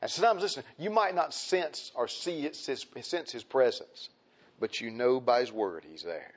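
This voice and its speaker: A man's voice: medium pitch, lively intonation, moderate pace. A man preaching a sermon in a folksy, emphatic way, often repeating his phrases. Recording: dull lo-fi recording.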